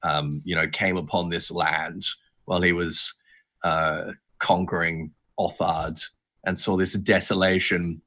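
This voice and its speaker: A man's voice: low-pitched, level tone, unhurried, pushed and bright. A man hosting a quiz segment on a podcast, talking casually, rambling and restarting his words, with the odd swear. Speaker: quiz host.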